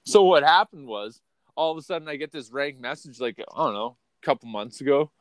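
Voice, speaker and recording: A man hosting a podcast, ranting unfiltered in a profane, rambling way that swings between loud outbursts and quiet mutters. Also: on the high side, animated, a little fast, no room sound. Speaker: podcast host. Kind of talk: unfiltered casual rant.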